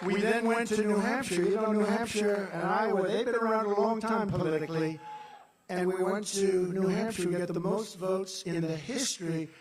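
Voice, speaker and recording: An older man giving a rambling rally speech, boastful and repetitive, with off-the-cuff asides. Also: high-pitched. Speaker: political speaker at a rally. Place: large venue, victory rally. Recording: roomy sound, distant mic, loud crowd. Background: cheering crowd.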